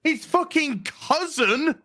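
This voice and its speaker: Bright, high-voiced ranting man. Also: animated, slow, no echo, studio quality. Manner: profane, ranting, sarcastic. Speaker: show co-host. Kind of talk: casual podcast chat.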